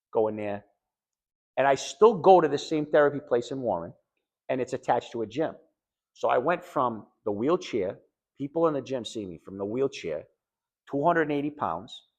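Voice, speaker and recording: A middle-aged man telling a group about his recovery after a lung transplant, animated, jumping between loud joking and quiet earnest talk, often repeating words. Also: mid-range voice. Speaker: lung transplant patient speaking to patients. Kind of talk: personal story told to a group.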